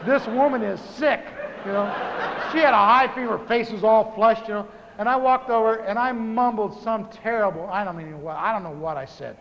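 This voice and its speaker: A man in his fifties with a notably high voice for a man, preaching a humorous testimony in a lively, storytelling way. He repeats words for comic timing. The sound is a live talk in a church hall with a long echo and a faint hiss behind it. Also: brisk, dull audio. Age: 50s. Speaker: pastor.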